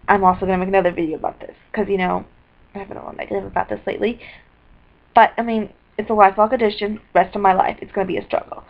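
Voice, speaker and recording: A woman talking into her computer's webcam in a rambling video diary, scattered and apologetic, with bursts of excitement. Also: medium pitch, racing, creaky. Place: indoors at a computer. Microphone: built-in computer webcam mic. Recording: dull lo-fi webcam audio.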